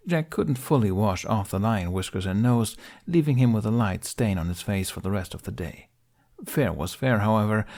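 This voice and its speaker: A man reading fan fiction aloud as audiobook narration, steady and measured. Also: on the low side. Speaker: podfic reader.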